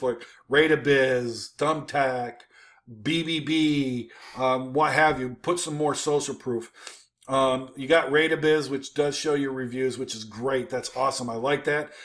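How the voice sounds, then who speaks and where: A man with a slightly bright voice gives casual, informal commentary while critiquing websites on his screen. He uses many fillers and restarts, punctuating points with an emphatic "boom."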